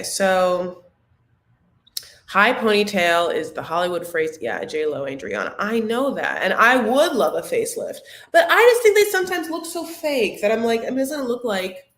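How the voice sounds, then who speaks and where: A woman's voice: medium pitch, a bit bright, echoey room. Chatty woman gossiping, lots of fillers. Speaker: show recap host. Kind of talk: casual live recap chat.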